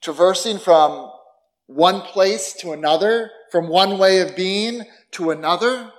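A middle-aged male pastor delivering a sermon in a slightly higher-than-usual voice. He keeps it conversational, leaning on rhetorical questions and a wry, self-deprecating humor. His tone moves between thoughtful reflection and lively emphasis. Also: unhurried.

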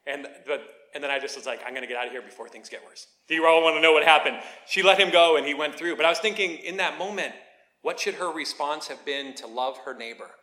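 A man preaching a sermon, telling a lively story with playful asides and then teaching in a quieter, earnest way. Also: fairly high pitch, quick pace. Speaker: pastor.

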